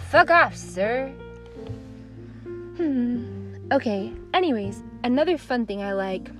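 A woman's voice: medium pitch, a bit bright. A young woman hosting a podcast, ranting through stories in a sarcastic, profane way. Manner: sarcastic, profane, fast-switching between mock voices. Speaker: podcast host. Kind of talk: ranting storytime monologue.

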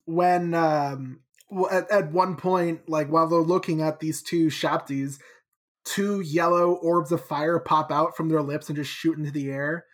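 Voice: medium pitch, steady tone, measured pace. Chatty host recapping a chapter. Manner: chatty, playful retelling. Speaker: podcast host. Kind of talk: casual book-club podcast recap.

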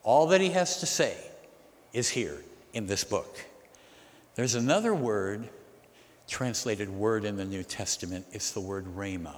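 Male pastor, mid-pitched, lively sermon delivery that questions the room, recorded with long hall reverb. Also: a little slow. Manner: animated, asks the congregation questions.

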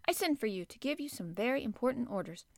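A woman's voice: on the high side, very animated, fast, dry recording, clean studio sound. A woman voicing a lordly, commanding young boy who is sickly and dreamy.

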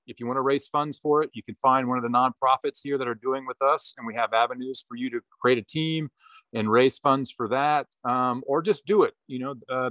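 Man, relaxed podcast chat, rambling and profane, mid-pitched voice, dry close mic. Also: no echo. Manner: rambling, profane, laughs often. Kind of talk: casual chat.

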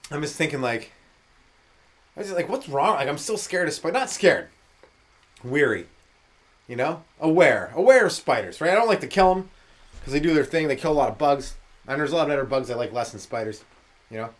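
A man's voice: a little high, expressive, a little fast, pauses often. A male comedian hosting a podcast, rambling through a loose, profane solo monologue and dropping into mocking voices for the people he quotes.

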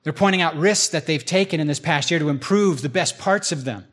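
A man's voice: a little high, fairly quick, a bit bright. A man preaching a conversational sermon as pastor, slipping into imagined voices as he talks.

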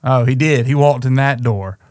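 A man's voice: medium pitch, normal speed, darkish tone, no room sound, clean studio sound. A man co-hosting a casual chat show, rambling and playful as he muses aloud. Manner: rambling and playful, often laughing. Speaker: co-host.

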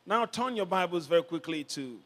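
A man preaching a sermon as pastor, leading the congregation in call-and-response and building up to shouts. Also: a little high, expressive, fairly quick. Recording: long hall reverb.

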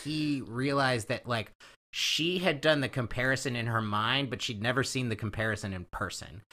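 A man in casual chat recapping a show episode, animated, laughing often, acting out the characters' lines. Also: medium pitch, moderate pace.

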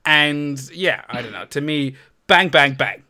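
A young man co-hosting a casual podcast, ranting with lots of swearing and animated outbursts. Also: on the high side, measured pace. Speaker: podcast co-host.

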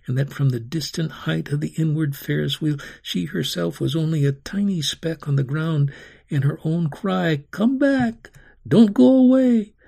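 A man reading a story aloud in a slow, rhythmic, expressive way, voicing sound effects himself. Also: a little high, vocal fry, breathy edge.

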